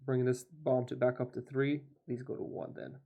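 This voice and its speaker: A man's voice: medium pitch, little pitch movement, moderate pace, creaky, mellow, breathy edge, dull audio. A man playing a tabletop board game, counting dice aloud and coaching his partner through the rules in casual chat.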